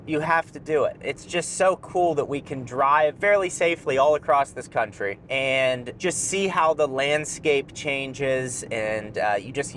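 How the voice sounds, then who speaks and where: Young male road-trip vlogger, mid-pitched, rambling jokes, faint road noise in the car. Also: a bit bright. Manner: joking, rambling asides. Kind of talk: casual driving vlog commentary. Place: inside a car while driving.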